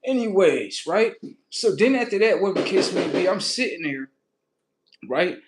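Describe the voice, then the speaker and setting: A man's voice: high voice, lively intonation, a little slow, noisy background. A man telling a story in a casual, profane, ranting way on his livestream.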